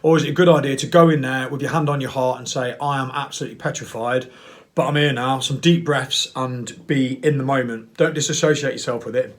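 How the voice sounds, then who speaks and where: A middle-aged man speaks in a loose, rambling way. He is blunt and mocks himself a little. His voice sits at a middling pitch. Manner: rambling, blunt and self-mocking, with playful put-on voices. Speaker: vlogger. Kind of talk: casual monologue to camera.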